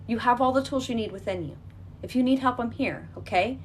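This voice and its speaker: A woman's voice: on the high side, fairly quick, slight background noise. A woman leading a guided healing exercise, talking in an emphatic, repetitive coaching manner that is reassuring and direct.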